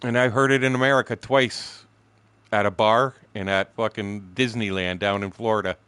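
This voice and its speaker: A man's voice: on the low side, fairly even intonation, normal speed, fairly bright tone, clear, resonant tone, no room sound. A man in his sixties streaming a game, telling a rambling story full of profanity. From Windsor, Canada. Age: 60s. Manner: profane, blunt, chuckling storyteller. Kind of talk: rambling anecdote told while gaming.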